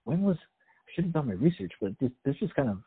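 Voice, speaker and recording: A man's voice: fairly high pitch, very animated, fast talker, slightly rough. A man co-hosting a podcast, chatting casually and sarcastically about a movie, rambling with wry jokes. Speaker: podcast co-host. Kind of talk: casual movie review chat. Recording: tinny phone-like sound.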